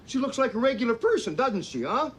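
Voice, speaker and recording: A man's voice: very high voice, sing-song, fast talker, a little hiss or hum. An actor playing a brash male drifter who throws out mocking, swaggering taunts. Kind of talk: action film dialogue.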